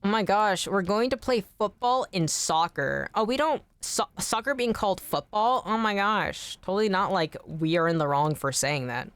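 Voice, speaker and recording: American girl streaming games, swears a lot, laughs, pitch bouncing around. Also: normal speed, hardly any pauses, no room sound. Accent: General American. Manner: animated, swears freely, laughs often. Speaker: game streamer. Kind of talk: casual chat while streaming.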